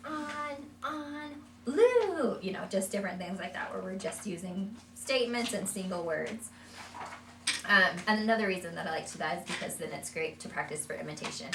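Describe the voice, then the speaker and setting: Brief: woman therapist talking parents through language tips, relaxed and filler-heavy, recorded from across a noisy, echoey room. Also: lowish voice, vocal fry. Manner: conversational, many fillers. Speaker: early childhood speech therapist. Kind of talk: explaining strategies to parents. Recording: echoey room, from far off, background noise.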